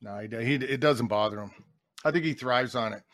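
A middle-aged man is a guest in a podcast studio, chatting casually and telling blunt stories while acting out what the people in them said. His voice is mid-range, a bit bright, and a little fast, recorded on a studio mic with no echo.

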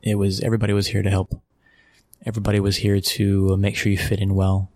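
A man's voice: fairly low pitch, completely flat delivery, fast talker, darkish tone, no echo, studio quality. An American man from Texas telling stories in a casual interview, rambling with restarts and frequent chuckles. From Texas, USA. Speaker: interview guest, football club executive.

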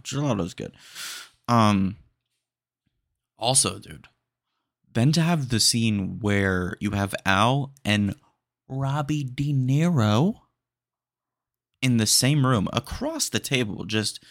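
A man with a low, gravelly voice chats casually as a podcast host, rambling with excited enthusiasm and tossing in "dude" every few lines. The sound is close and dry, with no room around it. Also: dry recording. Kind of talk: casual chat.

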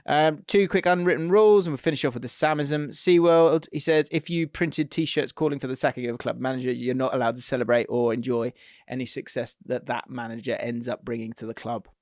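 A man's voice: mid-range voice, steady tone, brisk, a little mellow, no echo, studio quality. A man, co-hosting a casual football podcast, often laughing as he reads listener messages aloud. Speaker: podcast co-host. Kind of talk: casual chat.

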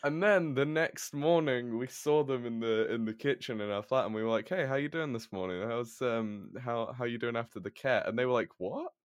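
A man's voice: mid-range voice, moderate pace, hardly any pauses, clean tone, dry recording, clean studio sound. A man co-hosting a podcast, telling a story in casual chat, rambling with lots of fillers and restarts. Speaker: podcast co-host. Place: shared student flat.

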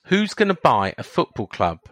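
A man co-hosting a casual podcast, answering questions in a measured, guarded way. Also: on the high side, wildly swooping pitch, fairly bright tone, no room sound, studio quality. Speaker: podcast co-host.

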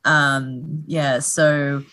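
A woman from Australia talks casually as an interview guest. She is chatty and enthusiastic and quick to laugh, and her voice sits low for a woman. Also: flat delivery, fairly bright tone. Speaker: guest, actor and producer.

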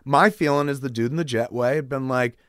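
A man's voice: medium pitch, a little fast, no echo. A man telling a story as a podcast guest in a garage studio, swearing freely and mimicking the people in it. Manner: profane, animated storyteller mimicking others. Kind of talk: casual storytelling chat.

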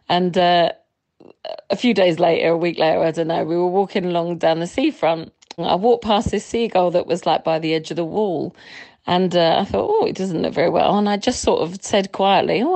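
A woman's voice: lowish voice, darkish tone. A woman in her thirties calling into a podcast, telling a story chattily and laughing as she goes. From England. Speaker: caller. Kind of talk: voicemail anecdote.

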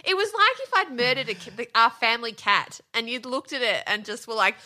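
A woman's voice: a little high, animated, fairly quick, pushed and bright. A woman, co-hosting a casual chat, teasing her husband and laughing often as she tells a story. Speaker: podcast co-host.

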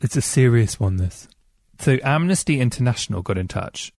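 A man's voice: medium pitch, expressive, normal speed, darkish tone, dry recording. Man, chatty host, reads emails, dry close sound. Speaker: podcast host. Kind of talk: casual podcast chat.

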